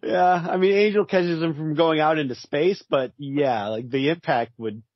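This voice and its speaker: A man's voice: a little high, normal speed, dry recording. A man co-hosting a podcast, adding wry, joking asides in a casual chat about comics. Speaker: podcast co-host. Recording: dull lo-fi podcast audio.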